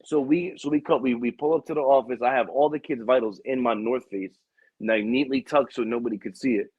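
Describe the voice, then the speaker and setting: Husky-voiced man telling a rowdy story. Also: a little fast, no room sound, narrow, tinny audio. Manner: animated, profane, acts out quotes with raised pitch. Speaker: podcast host. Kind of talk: casual storytelling chat.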